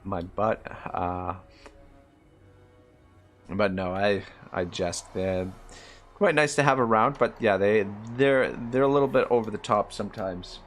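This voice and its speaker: A man's voice: lowish voice, measured pace, soft background music. A man with an East Coast Canadian accent giving casual, chuckling commentary on a live game stream and reading chat aloud.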